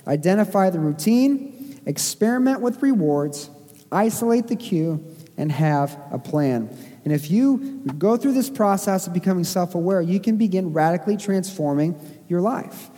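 A man's voice: high-pitched, lively intonation, normal speed, dark tone. A male pastor from Missouri preaching a sermon in a conversational way, with self-deprecating asides and frequent fillers. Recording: long church hall reverb.

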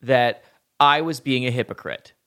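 A man's voice: mid-range voice, bright, forceful tone. A man from Montana hosting a comedy podcast, enthusiastic and encouraging toward his guest. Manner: enthusiastic, encouraging, quick bursts. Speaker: podcast host. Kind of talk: casual podcast interview.

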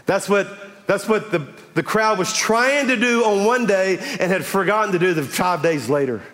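A middle-aged pastor, preaching a sermon in a lively, folksy manner and drawing the congregation in with direct questions. His voice sits high for a man. The sound carries the long reverb of a large hall. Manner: animated, folksy, chatty with the audience.

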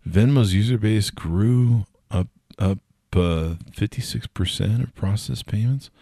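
A man's voice: lowish voice, a little slow, creaky, warm tone, no echo, studio quality. A man hosting a casual solo news podcast, tired and yawning, rambling with jokes and swearing. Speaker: podcast host.

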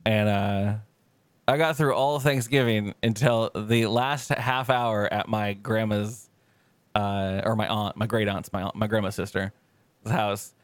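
A man's voice: medium pitch, normal speed, smooth, no echo. A man co-hosting a podcast, telling rambling, profane stories in casual chat. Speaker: podcast co-host.

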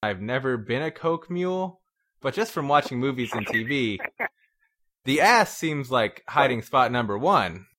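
Laid-back guy chiming in on a chat, mid-pitched voice. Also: expressive, measured pace, background noise. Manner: easygoing, laughs along, musing. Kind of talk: casual podcast chat.

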